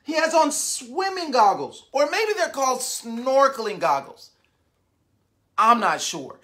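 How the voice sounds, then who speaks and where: A woman reading a picture book aloud to young children, animated and constantly asking the listeners questions. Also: sits high, unhurried.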